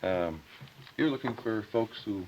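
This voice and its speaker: Tv host guy introducing his panel, kinda low voice, muffled old recording w/ hiss. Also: lively intonation, darkish tone. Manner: friendly, brisk introductions. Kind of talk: broadcast hosting. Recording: dull 1961 TV broadcast with hiss.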